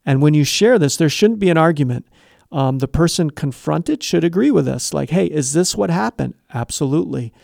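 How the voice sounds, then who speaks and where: A man's voice: on the high side, expressive, moderate pace, gravelly, a little mellow, no echo, clean studio sound. A middle-aged man giving Christian advice, explaining step by step in an earnest conversational way and acting out short bits of dialogue. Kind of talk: conversational teaching.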